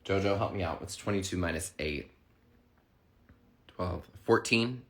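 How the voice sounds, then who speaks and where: A man in his thirties who is sick and hoarse, chatting casually and rambling through a livestream. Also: low voice, unhurried. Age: 30s. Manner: rambling, chatty, lots of fillers. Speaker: livestream host.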